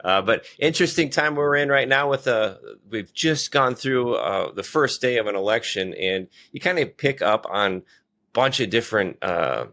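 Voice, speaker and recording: A man's voice: medium pitch, lively intonation, moderate pace, creaky, bright, forceful tone. A man from Michigan hosting a podcast interview, with an upbeat, hyped delivery full of "uh" fillers. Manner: upbeat, hypey, many "uh" fillers. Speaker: podcast host.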